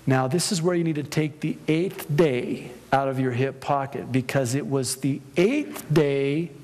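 Slow-preaching man in a reverberant hall. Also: fairly high pitch. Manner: slow deliberate preaching, rising to impassioned shouting. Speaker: pastor. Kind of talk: sermon.

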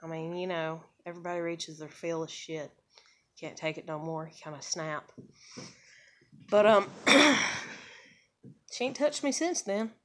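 A woman with a somewhat low voice talks straight to the camera about her own life. Her telling is loose and rambling, full of "like" and "you know", and she swears without a second thought. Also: measured pace, long pauses, fairly bright tone. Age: adult with a child. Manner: rambling, frank and profane, with many fillers. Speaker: vlogger. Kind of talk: casual personal storytelling.

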